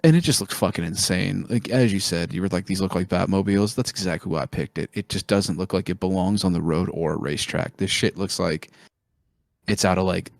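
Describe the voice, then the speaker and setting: A man's voice: low voice, brisk, creaky, no room sound. A man co-hosting a podcast, chatting casually and enthusiastically about cars, swearing freely as he rambles. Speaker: podcast co-host. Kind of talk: casual chat.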